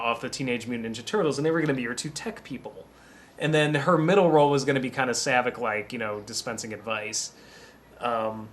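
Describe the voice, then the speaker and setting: A man talking through a film commentary, drifting from one anecdote to the next. His voice sits at an ordinary middle pitch, and he often breaks off sentences to start them again. He stops now and then to drink some water. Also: fairly bright tone. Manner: drinks water between remarks. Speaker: writer giving a film commentary. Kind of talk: rambling commentary track.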